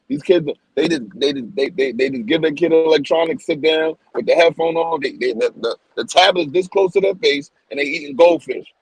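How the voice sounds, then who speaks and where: A man with a somewhat high, husky voice full of gravelly fry, talking in a casual podcast chat. He pushes his opinions hard, doubles back on words and repeats points for emphasis. The sound is close and dry, with no room around him. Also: darkish tone, dry recording, poor audio.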